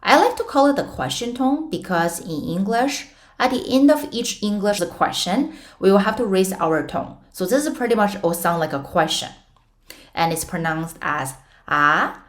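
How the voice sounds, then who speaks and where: In an animated voice at a moderate pace, a young woman walks learners through Mandarin pinyin in a relaxed online lesson. Her explanations are patient and stepwise, full of playful comparisons, and she demonstrates tones with abrupt high, sung syllables.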